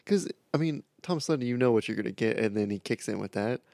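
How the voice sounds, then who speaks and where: Gravelly dude chatting about a movie, chill and wry, dry mic. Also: male voice, medium pitch, lively intonation, fast, a little mellow, no echo. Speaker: podcast co-host. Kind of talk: casual movie review chat.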